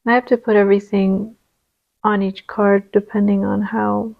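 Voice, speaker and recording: Woman, card reader, gentle, reassuring, sometimes whispering, mid-pitched voice, slightly muffled lo-fi sound. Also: level tone, normal speed, creaky. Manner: gentle, reassuring, drifts into soft whispers while placing cards. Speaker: tarot reader. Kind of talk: channeled card reading.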